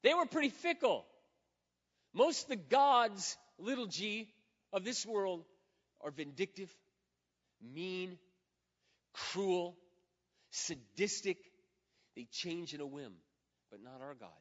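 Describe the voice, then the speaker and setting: High-voiced preacher man in an echoing hall. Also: expressive, takes it slowly, pauses often. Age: 50s. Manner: dramatic, swings from loud to hushed, acts out quoted prayers. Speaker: pastor. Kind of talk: sermon. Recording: dull sound with long hall reverb.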